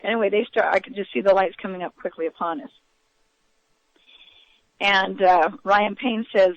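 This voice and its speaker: A woman recounting events as an interview guest, in a halting way with many fillers and restarts. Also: mid-range voice, gravelly. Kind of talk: eyewitness account in a radio interview. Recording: dull, lo-fi radio audio.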